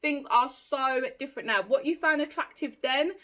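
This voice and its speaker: A woman in her late twenties with an Essex accent, telling a story in casual chat, animated and laughing often. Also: sits high, normal speed. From England. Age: late 20s. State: runny nose. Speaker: podcast host.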